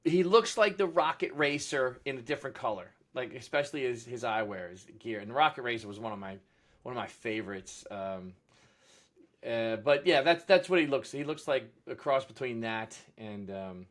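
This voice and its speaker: A man's voice: medium pitch, lively intonation, normal speed. A man co-hosting a casual comic-book podcast, rambling with restarts and acting out his reactions. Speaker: podcast co-host.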